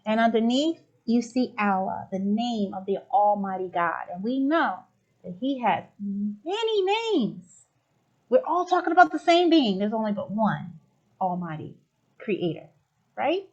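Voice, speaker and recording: A woman's voice: fairly high pitch, sing-song, unhurried, muffled recording. A woman from the United States hosting a spiritual talk show, effusive and exclaiming as she affirms her guests. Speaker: podcast host.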